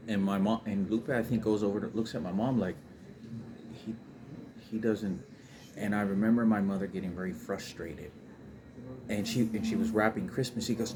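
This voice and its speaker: A man's voice: lowish voice, steady tone, moderate pace, pauses often. A man telling a rambling, emotional personal story about his family, with many restarts and fillers. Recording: noisy background ambience.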